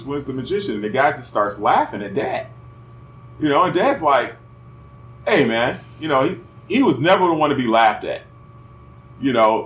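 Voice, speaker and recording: Animated middle-aged man. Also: medium pitch. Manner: animated, acts out voices, many "you know" fillers. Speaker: son telling family stories. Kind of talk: casual family storytelling. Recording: roomy, slightly dull, faint music behind.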